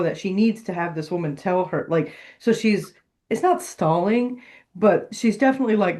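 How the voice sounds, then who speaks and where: A co-host in a relaxed podcast chat with an ordinary, mid-range voice. The talk is reflective and thoughtful, agreeing with a partner and working ideas out aloud. The speech sometimes trails into small restarts as thoughts form. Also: mid-range voice, fairly quick. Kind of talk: casual chat.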